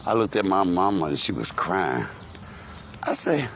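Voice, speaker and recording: A man's voice: sits low, unhurried, slight background noise. A man vlogging outdoors on a phone, telling a profane, insulting rant about family. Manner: animated, cursing, insulting storytelling. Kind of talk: profane ranting monologue. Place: outdoors, walking to a grocery store.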